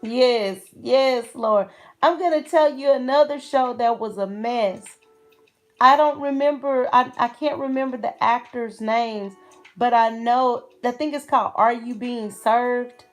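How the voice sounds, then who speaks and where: Middle-aged woman, livestream host, high voice, slow unhurried pace, giggles constantly. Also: faint music behind. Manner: giggly, laughs often between phrases. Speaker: channel host. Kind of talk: casual livestream chat.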